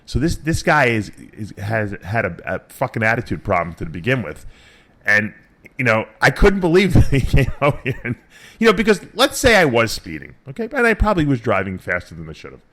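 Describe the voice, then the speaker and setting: A man's voice: mid-range voice, sing-song, a little fast, fairly bright tone. A middle-aged man hosting a radio show, telling rambling stories in casual, profane chat.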